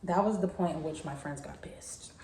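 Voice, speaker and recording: A young woman, telling a story in a chatty, animated way. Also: fairly low pitch, normal speed. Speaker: vlogger. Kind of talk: casual storytime. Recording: echoey room.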